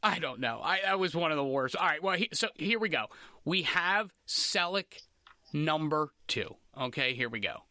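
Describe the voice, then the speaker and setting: A man hosting a comedy podcast, riffing in a casual, animated, mock-indignant way with crude jokes. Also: on the high side, normal speed, no echo. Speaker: podcast host.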